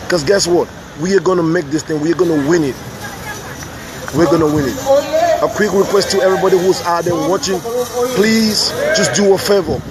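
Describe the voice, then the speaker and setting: A man's voice: sits high, brisk, background noise. A man reporting to camera from a city street at a rally, speaking defiantly and repeating himself to rouse viewers. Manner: defiant, repetitive and rousing.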